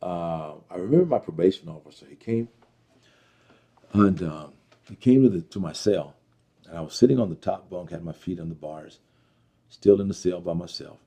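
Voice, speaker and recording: A middle-aged man telling his life story as an interview guest, earnest and reflective, halting with fillers. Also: deep voice, gravelly, dark tone. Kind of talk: personal testimony interview.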